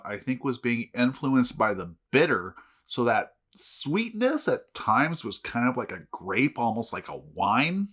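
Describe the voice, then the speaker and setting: A man's voice: medium pitch, a bit bright. A man hosting a casual beer review show, telling jokes with dry, self-mocking humor.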